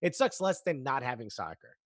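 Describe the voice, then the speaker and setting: A man's voice: mid-range voice, very animated, fairly quick, no room sound, studio quality. A man chatting casually as a guest in an easygoing manner. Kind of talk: casual chat.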